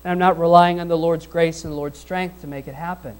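A man's voice: a little high, steady tone, brisk, smooth, poor audio. A male pastor preaching a sermon in a conversational way, asking the congregation questions and repeating his phrases.

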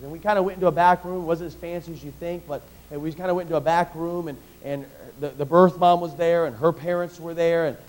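Male preacher, high voice, middle-aged, loud emphatic bursts then hushed storytelling, repetitive phrasing. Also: rough recording. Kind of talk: sermon.

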